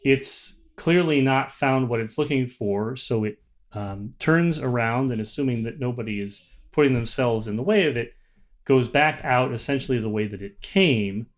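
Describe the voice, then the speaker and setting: Male game master narrating with frequent pauses. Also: medium pitch. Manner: hesitant, lots of ums and uhs.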